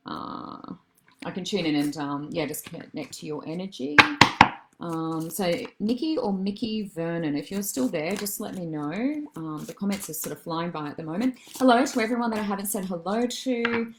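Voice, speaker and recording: Chatty woman giving live psychic readings, lowish voice. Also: animated, moderate pace, heavy background noise. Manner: affectionate, calls viewers darling and love; chatty and meandering, many soft fillers. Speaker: psychic medium and healer.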